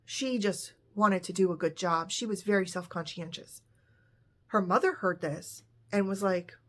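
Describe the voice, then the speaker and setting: A woman's voice: mid-range voice, measured pace, a bit bright. A woman telling a true story in a casual narrating voice, now and then briefly voicing the people in it. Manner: retells dialogue with light voicing of characters.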